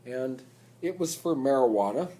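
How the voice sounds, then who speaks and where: A man, telling a rambling story to a phone camera in a casual, drawn-out way. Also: medium pitch. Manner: rambling, slow, drawn-out delivery; loud and excited when reenacting chants. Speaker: vlogger.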